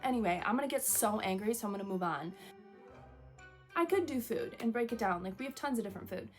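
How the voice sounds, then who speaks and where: A woman's voice: mid-range voice, fast, faint music behind. A young woman from Michigan with a Michigan accent, talking casually to camera in a chatty, swearing vlog style. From Michigan, USA. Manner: chatty, swearing, animated quoted voices, dramatic whispers. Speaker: vlogger.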